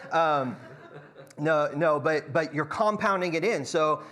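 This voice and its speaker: A man's voice: a little high, takes it slowly, fairly bright tone. A man teaching a church song leading class, counting beats aloud with frequent restarts. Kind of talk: church music class lecture.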